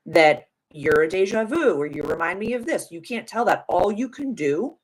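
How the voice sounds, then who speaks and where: A young adult woman hosts a live stream and gives a casual tarot reading, chatty and affirming, with spiritual language and plenty of "like" fillers. Her voice is on the low side with lively intonation at a moderate pace, and the audio is poor.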